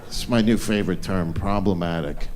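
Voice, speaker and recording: A man's voice: deep voice, normal speed, darkish tone, some chatter behind, a little hiss or hum. A man doing a stand-up comedy set on a club stage into a handheld mic, with a crude, mocking, swaggering delivery.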